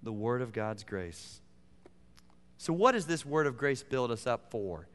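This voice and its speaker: A middle-aged man preaching a sermon as pastor, animated, climbing to emphatic peaks and dropping to quiet asides. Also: medium pitch, unhurried. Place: church sanctuary. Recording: long reverb of a large hall.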